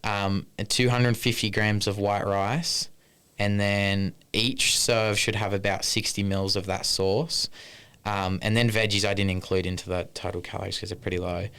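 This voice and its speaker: Smooth low-voiced man rambling. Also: little pitch movement, moderate pace, a bit bright. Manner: rambling, swears casually, lists numbers. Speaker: podcast co-host. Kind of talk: casual chat.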